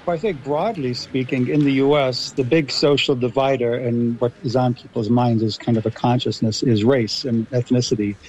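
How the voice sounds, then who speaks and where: A man's voice: mid-range voice, steady tone, normal speed, hardly any pauses, a little mellow, slight background noise, poor audio. A man with an American accent, a guest in a radio interview, speaking in an articulate, lecturing way. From Los Angeles, USA.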